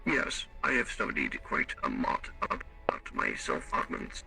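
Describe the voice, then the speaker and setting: A man voicing a formal augmented alien with servos, speaking in a measured, clipped way in a live role-play. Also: rumbling low, huge pitch swings, gravelly, exaggerated voice. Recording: distant mic with faint music.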